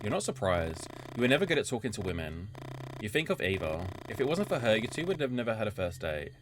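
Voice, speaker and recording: Lively low-voiced man reading a game. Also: fast talker, background noise. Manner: reads narration evenly, then chats and swears in asides. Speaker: streamer playing a game. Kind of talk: reading game text aloud with casual commentary. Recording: game music behind the voice.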